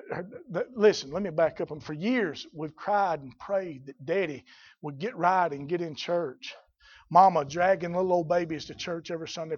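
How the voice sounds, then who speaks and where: A middle-aged man preaching a fiery sermon as a pastor, rising to shouts at his peaks. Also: sits high, moderate pace. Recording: dull lo-fi recording.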